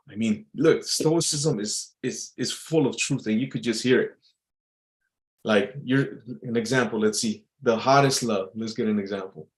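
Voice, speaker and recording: A man with a fairly low voice talks casually in a loose, repetitive monologue, reading out quotes and musing on them. He restarts often and uses many fillers, and the audio is poor.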